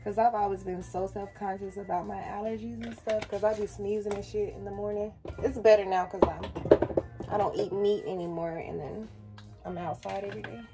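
A woman's voice: medium pitch, fairly even intonation, a little fast. Chatty young woman over background music. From United States. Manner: chatty and playful, addresses viewers as "y'all". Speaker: vlogger cooking in an RV kitchen. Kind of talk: casual chatty vlog talk. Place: small RV kitchen. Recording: music playing under the voice.

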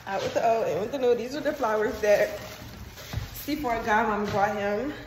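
A woman's voice: a little high, moderate pace. A young woman and new mother chatting casually to her viewers in a slangy vlog, talking into a handheld phone at home. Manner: chatty, slangy, lively, addresses viewers as y'all. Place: at home, indoors. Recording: noisy home phone recording.

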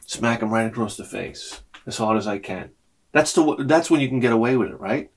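A middle-aged man ranting to camera as a vlogger, profane and sarcastic, dropping to mutters and then shouting his outbursts. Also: mid-range voice, a little fast. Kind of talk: rambling comic rant to camera.

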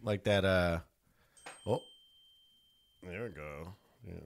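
A man's voice: sits low, slow. A man hosting a casual podcast, laid-back and swearing freely, laughing between his points. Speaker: podcast host.

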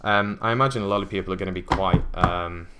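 Talking fast in a low voice over a noisy background, a young YouTuber rips open card packs and muses casually, his unboxing chatter full of ums and uhs.

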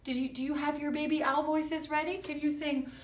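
This woman's voice sits high with little pitch movement, and she talks fairly quickly. Using puppets in an online kindergarten music class, she coaxes the children along with sing-song questions, picked up by a distant mic that sounds roomy.

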